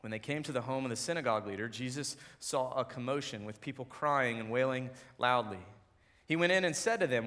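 A man preaching a sermon as pastor, dropping to soft, quiet lines and then building to loud, emphatic passages, and reading scripture in a lower, steadier voice. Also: expressive, a little fast.

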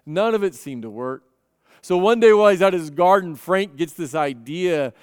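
A man's voice: high-pitched, lively intonation, moderate pace, clear, resonant tone, no room sound, clean studio sound, long reverb tail. A man preaching a sermon, telling stories earnestly and often repeating his first word as he goes. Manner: earnest storytelling with frequent repeated starts. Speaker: pastor.

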